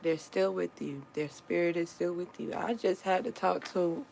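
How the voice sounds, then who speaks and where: A woman talking casually to her viewers in an earnest, comforting and reflective way, pausing often and restarting her sentences. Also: lowish voice, creaky, a little mellow, a little hiss or hum, poor audio. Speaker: vlogger sharing a personal story.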